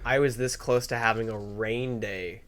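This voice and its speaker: A young man hosting a podcast in casual banter, sarcastic and quick to laugh. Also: medium pitch. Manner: animated, jokey, sarcastic, laughs often. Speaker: podcast host.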